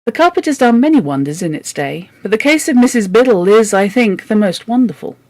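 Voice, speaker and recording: A woman's voice: medium pitch, expressive, brisk, a little mellow, dry recording. A woman reading a children's novel aloud for a book club, with wry, joking asides.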